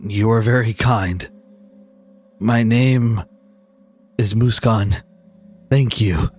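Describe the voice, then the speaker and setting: A man's voice: fairly low pitch, fairly even intonation, very slow. A man doing a meek, timid buffalo. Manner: soft, meek and grateful. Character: timid hungry male buffalo.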